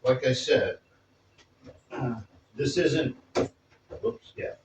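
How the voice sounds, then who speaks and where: A man's voice: medium pitch, very slow, long pauses, a little hiss or hum, low-quality recording. A man casually talking through a recipe in his home kitchen, rambling and correcting himself as he goes. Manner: rambling, self-correcting, chatty. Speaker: cooking vlogger. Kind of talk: casual cooking demonstration.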